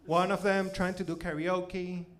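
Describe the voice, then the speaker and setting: A man in his forties from Venezuela with a Spanish accent, performing a self-mocking stand-up set on a theater stage, loud one moment and muttering the next. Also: sits high, measured pace. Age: 40s. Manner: animated, self-mocking, swings between loud outbursts and mutters. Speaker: stand-up comedian.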